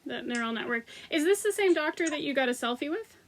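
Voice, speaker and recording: Brief: female podcast host, bright curiosity, fairly high-pitched, conversational. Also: animated, fast talker, slight background noise. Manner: curious, encouraging follow-up questions. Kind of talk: interview conversation.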